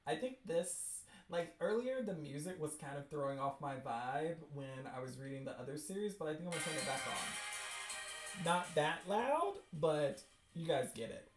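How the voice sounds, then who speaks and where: A woman's voice: deep voice, moderate pace, reverberant, soft background music. Chatty woman livestream host. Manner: chatty, excitable, self-interrupting asides. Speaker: livestream host reading webcomics. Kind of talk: casual livestream chat.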